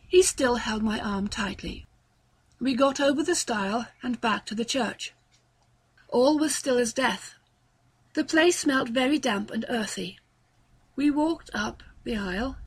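A woman narrating a story aloud in a measured, even storytelling manner. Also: fairly high pitch, slightly rough. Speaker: story reader. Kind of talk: audiobook narration.

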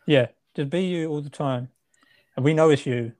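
A man's voice: a little high, moderate pace, a little mellow. Man making wry, dry remarks. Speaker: podcast co-host. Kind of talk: casual chat.

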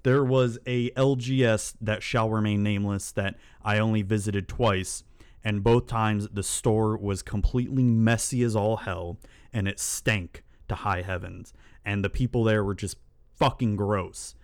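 This channel host speaks at a measured pace in a fairly low, smooth voice with a steady tone. His storytelling to camera is casual and meandering, peppered with swearing and exasperated ranting.

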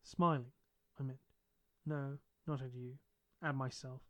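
A man voicing a shy but witty young woman student in an audiobook reading, with a gentle, wry delivery. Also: medium pitch, fairly even intonation, unhurried, natural voice.

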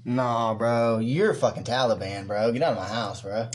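A man's voice: medium pitch, moderate pace, slight background noise. A man co-hosting a podcast, teasing his partner with crude, profane banter. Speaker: podcast co-host.

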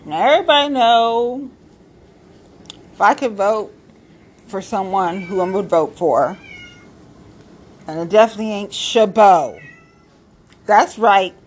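A political commentator with a medium-pitched, slightly rough voice rants bluntly about local politics. Her delivery is casual, sassy, and profane, and she hammers her points and repeats them.

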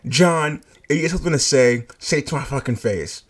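A woman's voice: medium pitch, flat delivery, moderate pace, husky, pitched above the performer's own voice. Man mimicking a furious screaming woman coworker. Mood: accusing. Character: furious young woman coworker yelling, hostile.

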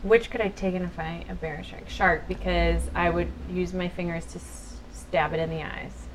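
A woman in casual podcast chat, animated and swearing freely, telling stories with lots of fillers. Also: fairly low pitch, moderate pace, slight background noise, poor audio.

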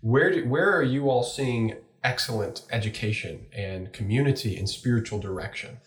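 A man's voice: medium pitch, moderate pace. A man in his thirties, a priest on a podcast, speaking emphatically with playful asides. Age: 30s. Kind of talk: podcast interview. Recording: echoey, distant from the mic.

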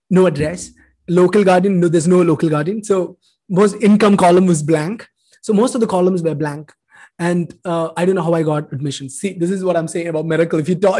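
High-voiced man giving earnest testimony. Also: darkish tone. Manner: earnest, emotional storyteller. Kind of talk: personal testimony sermon.

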